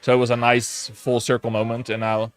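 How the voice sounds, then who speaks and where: A man being interviewed on a panel show, relaxed and joking, talking about his job with frequent fillers. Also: mid-range voice, fairly quick. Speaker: game publisher guest. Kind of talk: casual interview chat.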